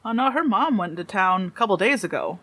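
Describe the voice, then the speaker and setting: Brief: a woman as a friendly alien farmer dad, folksy and relaxed. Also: medium pitch, a little fast. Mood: chatty. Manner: folksy, easygoing, rambling.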